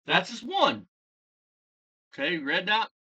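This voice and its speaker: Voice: medium pitch, big pitch swings, unhurried, bright, forceful tone, distant mic, highs cut off. A vlogger delivering an angry, profane commentary rant, hurling insults and repeating lines for emphasis.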